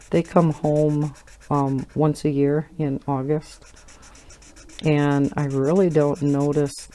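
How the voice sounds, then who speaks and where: Middle-aged woman from Wisconsin with a local accent, relaxed drawn-out chat, soft mellow voice, laughs easily. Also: low-pitched. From Wisconsin, USA. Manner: chatty, rambling, laughs often. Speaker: coloring channel host. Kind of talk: casual chat while coloring.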